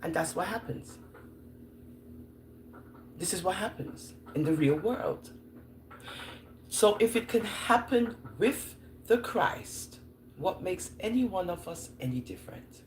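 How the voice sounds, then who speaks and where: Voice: mid-range voice, lively intonation, slow, long pauses, slight background noise. A preacher with a Jamaican patois accent giving informal Bible teaching in a conversational voice that asks rhetorical questions.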